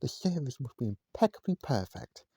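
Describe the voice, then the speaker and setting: A man's voice: mid-range voice, very animated, normal speed, vocal fry, mellow, husky, no room sound, exaggerated voice. A man voicing a pompous, very formal male restaurant manager in a storybook reading, stiff and over-polite. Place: at home, indoors.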